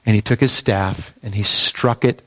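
A man's voice: lowish voice, steady tone, moderate pace, fairly bright tone. A man preaching a sermon, telling the story with earnest emphasis and some restarts. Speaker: pastor. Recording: dull lo-fi sound.

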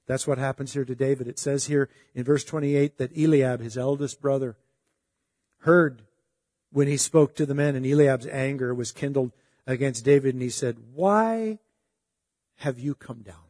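A man's voice: medium pitch, little pitch movement, moderate pace, warm tone, no echo, studio quality, long reverb tail. A middle-aged man preaching a sermon in a conversational, emphatic way, often asking his listeners questions. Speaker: pastor.

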